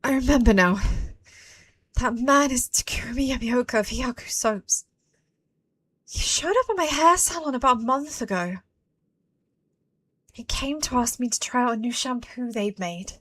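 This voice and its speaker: Grieving young hairdresser in a video game, voiced by a female streamer; soft, subdued, high-pitched. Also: expressive, moderate pace, long pauses. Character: grieving young woman hairdresser recalling her past.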